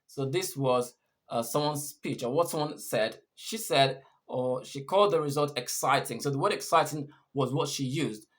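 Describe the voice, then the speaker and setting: A man's voice: mid-range voice, normal speed, fairly bright tone. A man teaching English punctuation, patiently repeating and rephrasing each point. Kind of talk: explaining punctuation rules.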